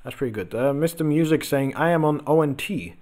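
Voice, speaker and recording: Male host, young adult, relaxed chart-reading chatter with many fillers. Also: on the high side, fairly quick. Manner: loose and chatty, lots of ums and uhs. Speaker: host of a crypto trading channel. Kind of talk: casual chart commentary, reading viewer messages.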